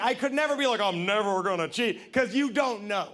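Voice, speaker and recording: A man's voice: high voice, a little fast. A man in his thirties doing a stand-up comedy set on stage, acting out scenes in silly voices with audience laughter behind him. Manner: animated, acts out scenes in silly put-on voices. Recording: live stage recording with clear room noise.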